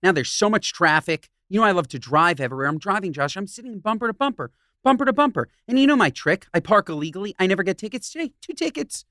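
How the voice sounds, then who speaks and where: Man, podcast co-host, high voice, very animated, jokey profane rant, dry sound. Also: fast talker, few pauses, dry recording. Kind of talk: casual comedic chat.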